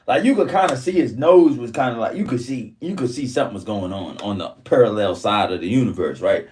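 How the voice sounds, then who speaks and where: A man telling a story in casual, profane street talk, his voice jumping up high whenever he quotes himself. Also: lively intonation, a little fast, hardly any pauses, darkish tone, far from the mic.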